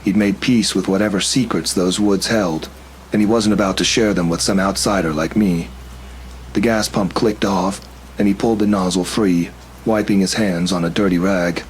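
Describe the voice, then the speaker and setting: A man tells a first-person horror story in a steady, tense way. His voice sits fairly low, and a faint hum lies under the recording. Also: normal speed, poor audio. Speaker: narrator.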